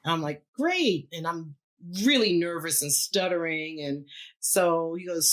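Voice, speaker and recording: Her voice sits low and moves at a moderate pace as this middle-aged woman, a keyboardist on a podcast, relates a story casually. She laughs a lot, stays animated, and performs the quoted voices.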